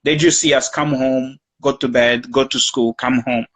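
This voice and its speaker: Earnest man giving calm advice. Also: medium pitch, normal speed, poor audio. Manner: acts out parent-child conversations in quoted speech. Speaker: guest speaker. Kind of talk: live discussion.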